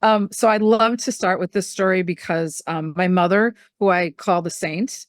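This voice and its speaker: A woman's voice: lowish voice, moderate pace, no room sound, clean studio sound. Chatty middle-aged woman telling stories. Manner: chatty, animated, acts out quoted voices. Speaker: medium and spiritual teacher, podcast guest. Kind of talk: casual storytelling conversation.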